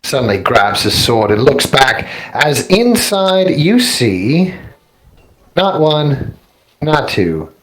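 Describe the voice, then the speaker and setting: A man's voice: a little high, poor audio. A man narrating as dungeon master, describing scenes in a rambling, self-correcting way. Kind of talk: narrating a tabletop game.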